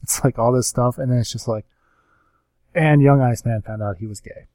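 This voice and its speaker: A man casually recapping a comic book issue, rambling with lots of fillers and quick acted-out quotes of the characters. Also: medium pitch, darkish tone, no room sound. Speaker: comics podcast co-host. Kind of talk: casual chat.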